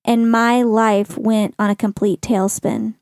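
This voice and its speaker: A middle-aged woman hosting a podcast, speaking slowly and earnestly in a reflective personal monologue. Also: a little high, flat delivery, a little mellow, clear, resonant tone, no room sound, clean studio sound. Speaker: podcast host.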